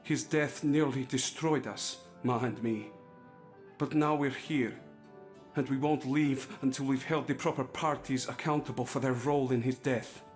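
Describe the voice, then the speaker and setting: Guy doing an earnest young son in a game, mid-pitched, steady voice. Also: normal speed, faint music behind, lightly acted. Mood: resolute. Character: young adult son, earnest, protective of his mother. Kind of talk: video game voice acting.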